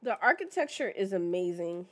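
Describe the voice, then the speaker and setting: A woman's voice: fairly low pitch, very animated, moderate pace, fairly bright tone. A woman streamer chatting casually while playing and reading signs aloud, often stumbling and restarting mid-sentence.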